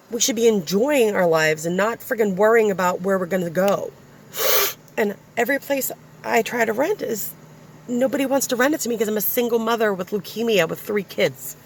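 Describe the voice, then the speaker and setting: A young woman with a medium-pitched voice rants bluntly and profanely in a casual vlog, exasperated, with a little hiss or hum in the audio. She's a single mother and vlogger, filming on a shaky handheld phone inside her car.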